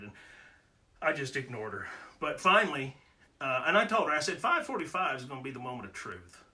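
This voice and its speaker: Man, folksy storyteller, bright forceful tone, easygoing homespun humor. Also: on the high side, expressive, moderate pace. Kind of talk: casual spoken storytelling.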